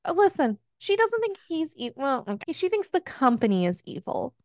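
A woman's voice: sits high, big pitch swings, normal speed, no room sound, clean studio sound. A woman hosting a book club podcast, casually retelling a story with swearing and jokes. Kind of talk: casual book recap chat.

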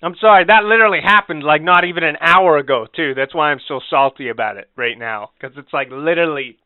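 A man's voice: fairly high pitch, fast, clean tone, no room sound. A man telling a heated, profane story in casual podcast chat. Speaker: podcast co-host. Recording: tinny phone-like sound.

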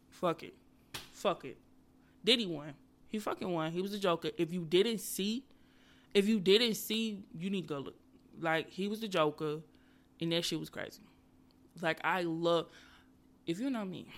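A woman hosting a podcast, delivering a casual comedic monologue full of profanity and animated ranting, and speaking straight to her viewers and listeners. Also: mid-range voice, vocal fry. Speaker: podcast host.

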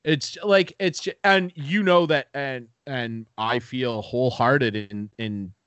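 A man's voice: mid-range voice, slow, no echo, dull audio. A man hosting a podcast, telling a story in casual chat, acting out the people in it and swearing freely. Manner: animated storytelling, acting out quoted people, profane. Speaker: podcast host.

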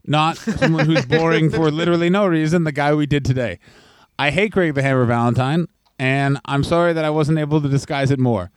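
A man's voice: on the high side, steady tone, fairly quick, no room sound. Man, podcast co-host, crude ranting, mock voices, dry close mic. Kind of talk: comedic casual chat.

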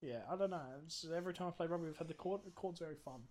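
A man's voice: on the high side, rapid-fire, a little mellow. A young Australian man co-hosting a podcast, talking casually with lots of hesitation and trailing off. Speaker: podcast co-host. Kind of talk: casual chat.

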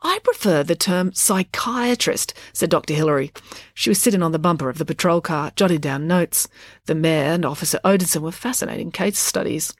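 Children's author reading a bedtime story, lowish voice, dry close sound. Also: female voice, fast talker, no echo. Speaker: podcast host and children's author.

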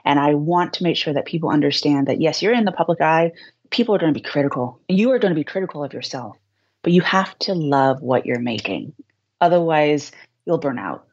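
Low-voiced Boston woman, lo-fi sound. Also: animated, a little mellow, slightly rough. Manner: encouraging, measured advice. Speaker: guest. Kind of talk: podcast interview.

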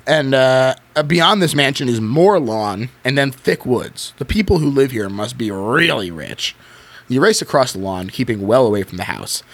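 A man hosting a podcast, reading a choose-your-own-adventure book aloud in an expressive way and breaking off to chat. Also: mid-range voice, normal speed. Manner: expressive reading with frequent laughs. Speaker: podcast host.

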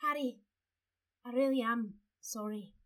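A woman imitating a timid teenage schoolgirl turning down a boy, apologetic and soft-spoken. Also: on the high side, measured pace.

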